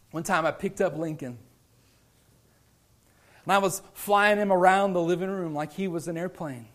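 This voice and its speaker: High-voiced impassioned male preacher. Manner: impassioned preaching, swings from loud to hushed. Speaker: pastor. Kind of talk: sermon.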